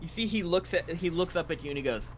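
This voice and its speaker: A man narrating a tabletop game as game master, halting with frequent fillers. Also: on the high side, animated, slight background noise.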